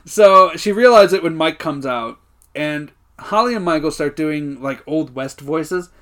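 Man recapping a sitcom, high voice. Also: a little slow. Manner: animated retelling, acts out quotes, swears freely. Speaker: podcast co-host. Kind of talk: casual recap chat.

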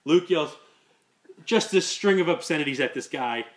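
A man's voice: fairly high pitch, lively intonation, normal speed. A man hosting a podcast, telling a long story in casual chat, repeating words and laughing as he goes. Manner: rambling, repeats words, laughs through stories. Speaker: podcast host.

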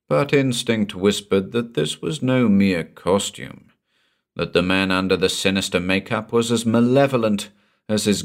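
A man narrating a pulp horror story in a measured, suspenseful audiobook reading. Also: sits low.

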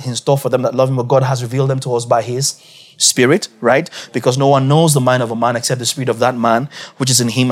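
Emphatic husky-voiced male preacher. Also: mid-range voice. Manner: emphatic, repeats key phrases, rising to shouts. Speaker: pastor. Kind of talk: sermon.

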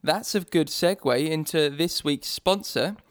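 A man's voice: fairly high pitch, unhurried, dry recording, clean studio sound. A man co-hosting a casual podcast from England, rambling and laughing as he jokes along. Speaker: podcast co-host.

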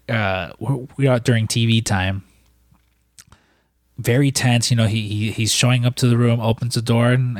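A man's voice: medium pitch, no room sound, studio quality. A man recapping a film in casual, rambling talk, full of fillers and swearing. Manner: rambling, profane, lots of fillers. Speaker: podcast co-host.

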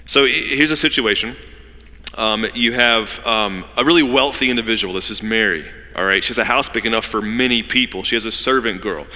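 A man preaching a sermon as pastor, telling the story with lively asides and acting out the people in it. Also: on the low side, long reverb tail. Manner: animated storytelling, acting out characters in quick asides.

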